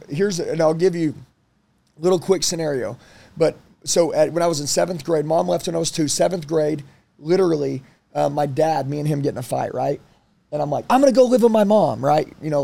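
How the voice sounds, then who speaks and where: A man in his thirties telling personal stories in a casual interview, blunt and animated, swearing freely. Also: fairly high pitch, fairly quick, creaky. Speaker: guest.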